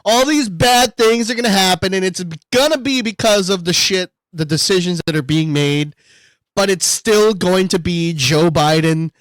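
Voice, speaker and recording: A man's voice: high-pitched, normal speed, a bit bright, no echo, rough recording. A man co-hosting a podcast in casual chat, swearing often, laughing a lot and saying "dude" constantly. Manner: profane, laughing, repeats "dude". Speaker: podcast co-host.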